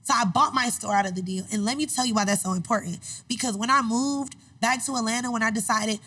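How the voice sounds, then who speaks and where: A woman's voice: a little high, fast talker, hardly any pauses. A woman guest on a podcast interview, telling her story in a casual, emphatic way and acting out the voices of people she quotes. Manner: animated, acts out quoted voices; emphatic, repeats phrases for effect.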